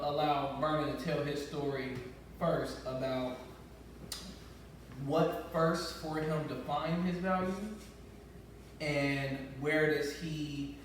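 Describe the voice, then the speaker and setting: A man's voice: fairly high pitch, a little hiss or hum. Man, casual host, joking, tripping over words, barbershop, echoey, far from mic. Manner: joking, loose, repeats words. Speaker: podcast host. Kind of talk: casual group chat.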